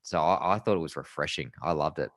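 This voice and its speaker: A man's voice: very deep voice, quick pace, fairly bright tone, dry recording. A man co-hosting a motorsport podcast, blunt and matey with loose phrasing. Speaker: podcast co-host. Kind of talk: casual motorsport chat.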